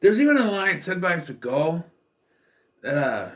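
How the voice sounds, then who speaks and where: A man's voice: on the high side, big pitch swings, unhurried, fairly bright tone. A man giving a casual spoken film review, rambling with fillers and restarts, wry and sarcastic. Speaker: movie reviewer.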